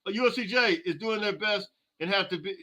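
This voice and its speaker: Fired-up man with a bright, high voice. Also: a little fast. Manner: exasperated, fired-up ranting with casual slang. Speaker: podcast host. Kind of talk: live halftime reaction with viewer comments.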